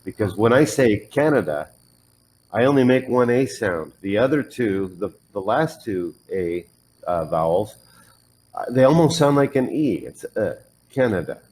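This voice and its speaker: A man's voice: lowish voice, expressive, a little slow, darkish tone, rough recording. A man teaching English pronunciation one on one, patiently modelling words and correcting the learner's drills.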